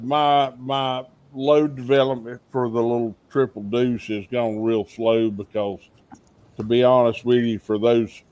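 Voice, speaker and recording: Man, casual live-stream talk, rambling stories, laughs often, mid pitch. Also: darkish tone, clear, resonant tone, no echo. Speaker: co-host of a shooting livestream.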